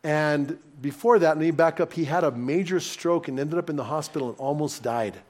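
Animated pastor telling church stories. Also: male voice, fairly high pitch, a little fast. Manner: animated, personal anecdotes told warmly to a congregation. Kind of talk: sermon storytelling.

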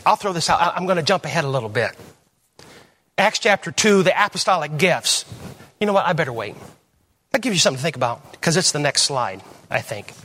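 A man delivers a teaching sermon in a church. His voice sits a little high, and he keeps throwing rhetorical questions at the room. He swings between loud, pointed emphasis and quiet, low asides. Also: very animated, a little fast. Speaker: preacher.

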